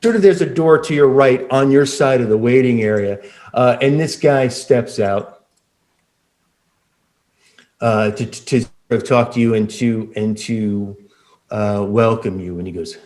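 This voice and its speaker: A man's voice: mid-range voice, unhurried, a little mellow. A man narrating a tabletop game as game master, rambling with many fillers and restarts.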